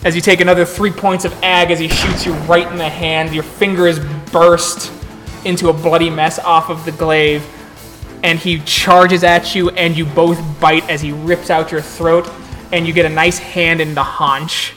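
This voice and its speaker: A man's voice: fairly high pitch, flat delivery, normal speed, a bit bright, soft background music. A man narrating a tabletop role-playing game as storyteller, describing the action in vivid, gory detail.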